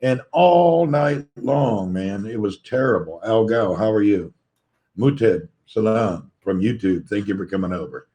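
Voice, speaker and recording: Livestream host, American man with a Southern accent, sleep-deprived and slightly crackly, greets his viewers in a relaxed, chatty way. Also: lowish voice, unhurried. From Tennessee, USA. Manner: friendly, greets viewers one by one. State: tired, voice a little crackly from poor sleep. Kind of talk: casual livestream chat, reading out viewer comments.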